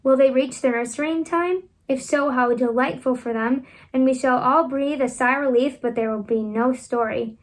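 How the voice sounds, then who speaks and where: At home, a woman reads a children's classic aloud in an expressive, animated way, raising her voice for the children's lines. Her voice sits high and she reads at a normal speed.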